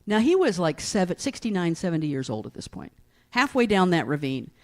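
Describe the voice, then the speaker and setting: A woman's voice: fairly low pitch, big pitch swings, a little fast. A middle-aged woman pastor from East Tennessee giving a folksy, storytelling sermon and often asking her congregation "right?".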